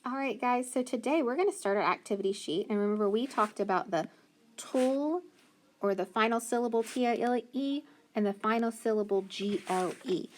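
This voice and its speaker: A woman teaching a phonics lesson to children, slowly sounding out syllables and praising often. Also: fairly high pitch, slight background noise.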